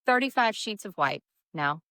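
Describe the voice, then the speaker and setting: A woman tells emergency room stories in a lively, casual way, leaping up in pitch whenever she acts out the people she quotes. Her voice sits in a middle range, and it is recorded close and dry with no room sound around it. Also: normal speed, dry recording. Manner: animated, acts out quotes with big pitch jumps. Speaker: nurse practitioner telling ER stories. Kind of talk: casual storytelling chat.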